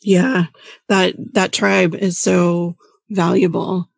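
A woman with a husky, gravelly voice hosts a podcast, talking in a reflective, conversational way. Her pitch stays flat, and the recording is dry and close. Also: slow, dry recording. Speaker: podcast host. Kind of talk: casual podcast talk.

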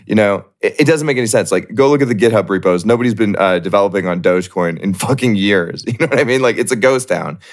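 A man's voice: fairly low pitch, fast talker, few pauses. Blunt, profane man in heated debate. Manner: blunt, profane, mocks others in put-on voices. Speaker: podcast guest.

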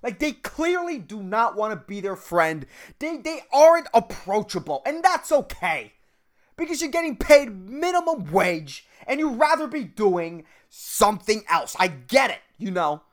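Man, thirties, casual rant, swears a lot, scattered, lively up-and-down pitch. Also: unhurried, few pauses. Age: 30s. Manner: rambling, profane, says "dude" and "man" constantly; jumps between topics, self-mocking. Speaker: podcast host.

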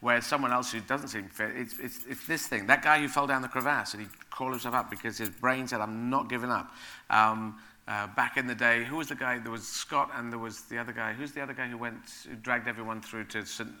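A man speaking as a guest onstage at a live event, rambling and animated, often laughing as he talks. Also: mid-range voice, fast, hardly any pauses.

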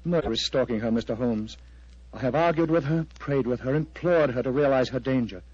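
A man's voice: medium pitch, fairly quick, darkish tone, slightly rough, no echo, lightly acted. An actor playing an agitated, earnest clergyman in a vintage radio drama, pleading and intense. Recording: dry, dull lo-fi old radio recording.

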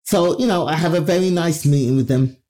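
A woman comedian from Nigeria, spinning a story in an interview. She talks with lively, salty delivery, swearing freely and acting out what other people said. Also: sits low, a little fast. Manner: animated, profane, acts out other people's voices. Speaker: comedian guest.

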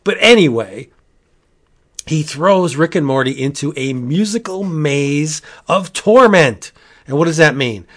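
A man hosting a casual comic book review podcast, rambling and animated, with frequent asides and restarts. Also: on the high side, unhurried. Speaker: podcast host.

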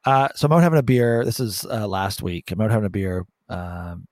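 A man from Bermuda co-hosting a podcast, telling a story in casual chat, animated and joking, with the odd swear for laughs. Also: lowish voice, brisk. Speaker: podcast co-host.

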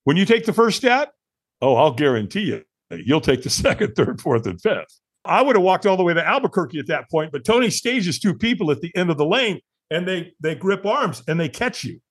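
Animated older male storyteller, husky voice. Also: on the high side, brisk. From California. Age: 60s. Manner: animated storyteller acting out dialogue. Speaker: guest. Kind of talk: storytelling in a podcast interview.

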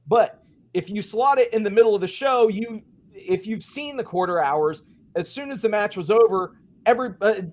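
A man with a notably high voice delivers casual wrestling commentary as a podcast co-host. He rants sarcastically and swears freely. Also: moderate pace.

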